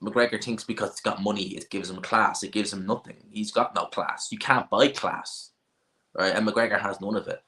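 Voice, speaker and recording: A man's voice: lowish voice, steady tone, moderate pace, sharp tone. A man hosting a boxing live stream, blunt and opinionated, rambling casually. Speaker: boxing channel host.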